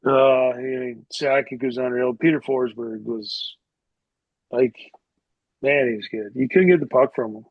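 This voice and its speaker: Speaking a little slowly in a mid-range voice with fairly even intonation, a middle-aged man tells loose stories as a podcast guest. He's a former hockey player who rambles and pads his talk with filler words. The recording is dull, dry, and lo-fi.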